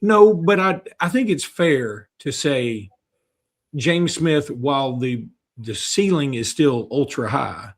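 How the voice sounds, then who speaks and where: A man's voice: medium pitch, expressive, takes it slowly. A man from Alabama with a Southern American accent, co-hosting a casual sports talk show in a chatty, self-deprecating way. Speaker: co-host.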